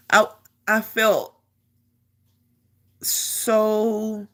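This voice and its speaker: A middle-aged woman with a bright, tense voice tells an army story in an animated, casual way. She repeats words and phrases as she goes and laughs as she talks, the way someone does when talking to the camera. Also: lowish voice, a little slow. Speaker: army veteran telling a story.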